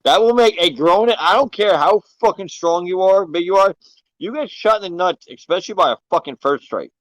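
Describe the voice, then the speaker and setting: Male guest, lively and profane storyteller, higher voice, dry close mic. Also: fairly quick, no echo, low-quality recording. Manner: animated storyteller, heavy swearing. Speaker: guest, paintball event organizer. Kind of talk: casual podcast chat.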